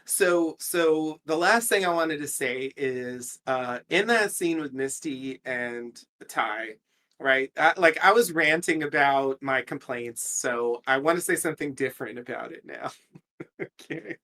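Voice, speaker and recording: A man's voice: medium pitch, measured pace, sharp tone. A man casually recapping a TV episode on a podcast, chatty and rambling, laughing often.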